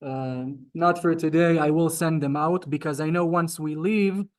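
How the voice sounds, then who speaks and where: A man's voice: fairly high pitch, steady tone, moderate pace. Polite young-sounding male Hebrew teacher. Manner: polite, says "sir" often, chatty. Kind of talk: live beginner language class. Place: synagogue classroom, also streamed on Zoom.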